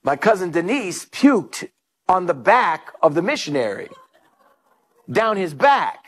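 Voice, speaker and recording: High-voiced storytelling male pastor. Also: measured pace. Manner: storytelling preacher, animated, acts out quotes. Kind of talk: sermon.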